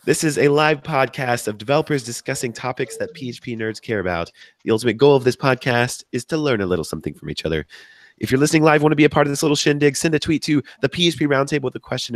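Podcast host, male, hoarse from a cold, chatty and upbeat, dry close-up sound. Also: fast talker, no echo. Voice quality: deep from sickness. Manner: chatty, upbeat, wanders off topic. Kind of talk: live podcast hosting.

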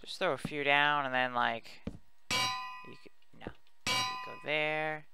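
A man's voice: on the high side, fairly even intonation, a little slow, creaky, noisy background. A man giving casual, rambling commentary while building in a video game, chatty and self-mocking as he talks to his viewers. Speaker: let's play host.

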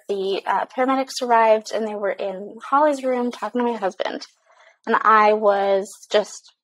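A woman's voice: medium pitch, a bit bright, rough recording. A young adult woman and mother telling a candid, emotional story-time vlog, swearing now and then, with plenty of fillers. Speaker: vlogger mom.

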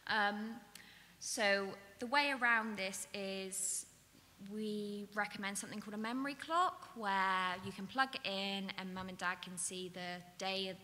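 A woman's voice: mid-range voice, steady tone, a little slow, pushed and bright. A woman giving a patient, explanatory talk on dementia care as a trainer at an event. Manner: patient, explanatory, with many ums and "so". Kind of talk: awareness talk to an audience. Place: event hall. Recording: echoey hall, faint hiss.

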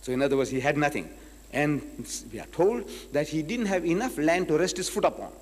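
A man from South Africa giving a public lecture as a Muslim preacher, telling stories with acted-out dialogue and slowing down to quote scripture. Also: a little high, in a large hall. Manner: animated storytelling, acts out dialogues, slows to quote scripture.

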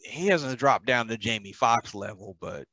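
A man's voice: medium pitch, lively intonation, moderate pace, sharp tone, no room sound. A man co-hosting a podcast, teasing his co-host with dry, blunt remarks during casual banter.

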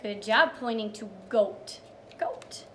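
A woman's voice: on the high side, a bit bright, slight background noise. A young woman teacher reading a picture book to small children, sing-song and encouraging, praising each step and acting out animal sounds. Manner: drawn-out storytelling with animal sounds.

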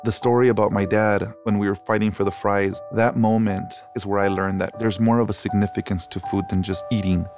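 A man's voice: on the low side, brisk, hardly any pauses. A middle-aged man, a restaurateur and chef, telling stories animatedly in an interview and dropping into Spanish phrases, seated on an outdoor patio. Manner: animated storyteller, code-switches into Spanish phrases. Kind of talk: storytelling interview. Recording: music playing under the voice.

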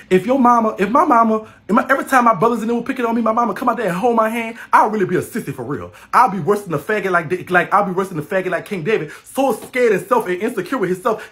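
A brash man from New Orleans, Louisiana, hosts a phone livestream, ranting loudly in a high voice while laughing and cursing heavily. There is a little hiss or hum in the audio.

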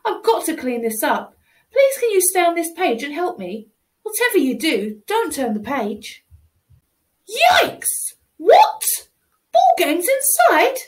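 A woman reading a children's picture book aloud, animated and exclaiming, with pleading asides. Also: sits high. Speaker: storybook reader.

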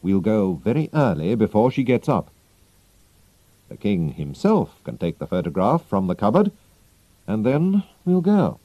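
A man's voice: fairly low pitch, sing-song, a little slow, dry recording, highs cut off. A man reading Sherlock Holmes, cool and self-assured. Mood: confident. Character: clever, cool male detective, confident. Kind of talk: audiobook character reading.

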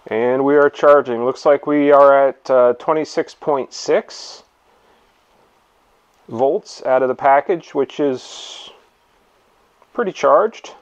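A man hosting a casual hands-on demonstration in his home garage, relaxed and thinking aloud as he works. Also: medium pitch, takes it slowly, pauses often, dull audio. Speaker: video host.

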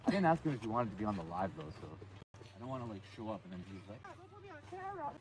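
A man hosting a casual outdoor live stream by a lake, joking and rambling in an animated way. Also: on the low side, racing, crowd noise.

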